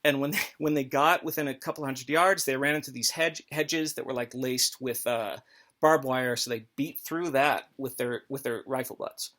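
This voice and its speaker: A man's voice: mid-range voice, fairly even intonation, normal speed, fairly bright tone. A man hosting a comedic history talk, rambling and mock-authoritative with crude jokes. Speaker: host.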